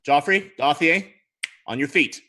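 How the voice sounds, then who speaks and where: A stern captain of knights, voiced by a game master, giving clipped, firm commands. The voice sits slightly low and bright, with a dry, commanding edge. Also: male voice, a little slow, slight background noise.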